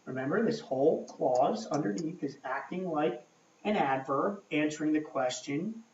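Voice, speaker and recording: A man teaching a grammar lesson at a board, talking slowly and checking in often with "okay?". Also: a little high, lively intonation, a little mellow. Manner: slow, checking in with frequent "okay?". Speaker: English teacher. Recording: echoey room, mic far off, dull lo-fi sound.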